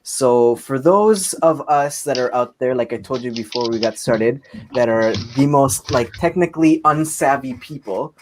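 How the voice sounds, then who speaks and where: Excitable man hosting a casual interview. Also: medium pitch, unhurried, background noise. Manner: excitable, laughs often. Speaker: podcast host.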